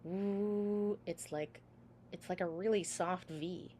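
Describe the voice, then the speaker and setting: A woman singing teacher talks her online class through pronunciation at an unhurried pace. She sounds out each syllable slowly and patiently over a video call, with a faint hiss of noise underneath. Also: lowish voice, steady tone, warm tone.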